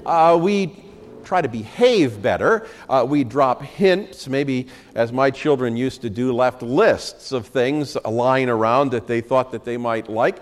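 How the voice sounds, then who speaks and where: A man's voice: medium pitch, lively intonation, takes it slowly, long reverb tail. A middle-aged man preaching a sermon as pastor, reading scripture in earnest and talking it over with frequent "uh" fillers. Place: church sanctuary.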